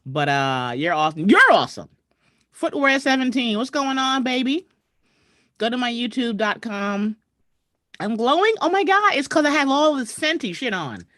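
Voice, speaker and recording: A woman's voice: fairly high pitch, very animated, normal speed, no room sound. Chatty woman host on a video call, voice jumps up and down a lot, dry close sound. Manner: chatty, shouting out viewers. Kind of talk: casual livestream chat. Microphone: computer mic on a video call.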